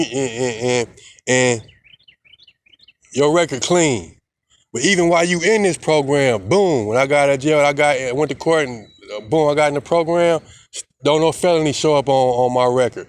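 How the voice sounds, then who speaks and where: A young man, rambling defiantly in a casual vlog monologue, repeating himself and swearing a lot. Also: fairly high pitch. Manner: heavy slang and profanity. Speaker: vlogger.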